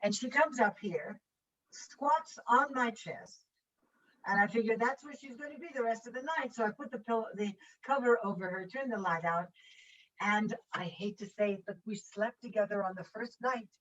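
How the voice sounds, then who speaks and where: Animated older woman telling a story over a dull video call. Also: on the high side, moderate pace, recorded from a distance. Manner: animated storyteller who acts out voices and sounds. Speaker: guest actress. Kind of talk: anecdote in a virtual conversation.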